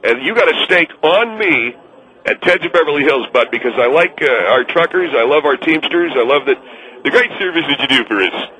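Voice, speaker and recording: A man's voice: fairly high pitch, lively intonation, brisk, bright, forceful tone, poor audio. A man playing a pompous, brash older male restaurant owner who boasts and rambles indignantly as a radio call-in guest. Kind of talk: comedic radio call-in character.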